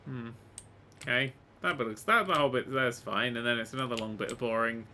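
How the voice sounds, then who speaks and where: A man giving casual let's-play commentary, excitable and sweary, swinging from quiet mutters to loud exclamations. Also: medium pitch, brisk, slight background noise. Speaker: gaming YouTuber.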